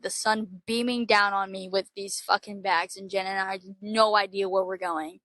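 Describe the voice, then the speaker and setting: A young woman from Florida telling a travel story in a casual, animated, heavily profane way. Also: medium pitch, no room sound. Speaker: podcast host.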